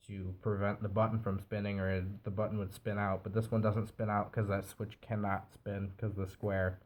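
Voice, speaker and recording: A product reviewer with a cold-stuffy, nasal voice casually reviews a device, explaining in a relaxed way while assembling it. His voice is lowish, and the recording quality is low.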